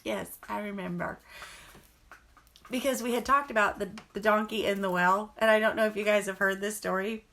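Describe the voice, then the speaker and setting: Middle-aged woman vlogger, bright and clear tone, rambling earnest chat to camera. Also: medium pitch, steady tone, fast talker, few pauses, slight background noise. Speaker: vlogger and mother. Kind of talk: casual storytelling to camera.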